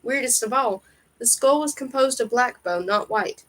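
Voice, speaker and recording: A woman reading a fantasy novel aloud in steady storybook narration. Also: a little high, moderate pace, low-quality recording. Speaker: reader.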